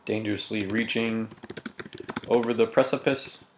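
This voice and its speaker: A man teaching a recorded grammar lesson, walking methodically through diagrams and reading example sentences slowly with emphasis. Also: lowish voice, steady tone, background noise.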